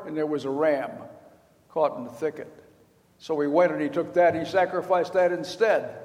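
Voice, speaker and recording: A man's voice: high voice, a little mellow. Older man preaching with a folksy, storytelling manner. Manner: folksy storytelling, acting out quoted lines. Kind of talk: sermon. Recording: long hall reverb.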